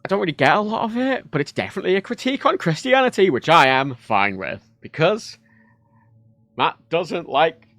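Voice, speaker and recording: A man's voice: on the high side, big pitch swings, brisk, a bit bright, no room sound. A man streaming casually, rambling and swearing freely and often cutting himself off mid-sentence. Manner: rambling, sweary, self-interrupting. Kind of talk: casual livestream chat.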